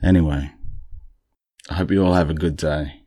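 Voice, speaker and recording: Male podcast host, very low voice, congested, casual dry storyteller, close dry sound. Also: moderate pace, husky, no echo. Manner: relaxed, chatty, dryly amused. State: congested morning voice.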